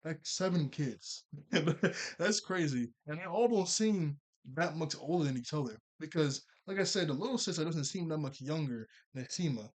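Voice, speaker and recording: A man's voice: a little high, expressive. Laid-back man recapping an anime episode. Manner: rambling, laughs often, quick paraphrased quotes. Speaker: anime reviewer.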